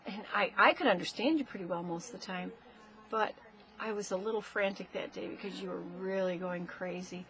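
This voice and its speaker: A woman, a mother, telling her grown child stories about him as a baby in a casual home video, animated and often laughing. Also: mid-range voice, brisk, a little hiss or hum.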